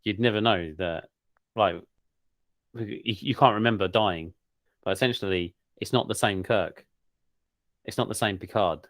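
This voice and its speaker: A man with a low voice chats loosely on a podcast, rambling from one idea to the next and laughing along. His voice sounds dry and close, with no room around it. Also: unhurried, pauses often, fairly bright tone, no room sound. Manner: rambling, jokey, laughs often. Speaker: podcast co-host. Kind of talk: casual chat.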